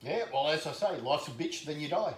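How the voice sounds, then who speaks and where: A man's voice: on the high side, expressive, fairly quick, recorded from a distance. An Australian man cracking dry jokes as a co-host in casual drinking banter. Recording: echoey room with faint background noise.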